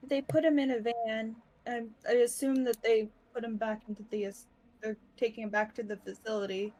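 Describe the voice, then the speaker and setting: A woman's voice: on the high side, fairly even intonation, fairly quick, a little mellow, rough recording. A woman playing in a tabletop role-playing game, talking hesitantly with lots of fillers. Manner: hesitant, many fillers and restarts. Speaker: player.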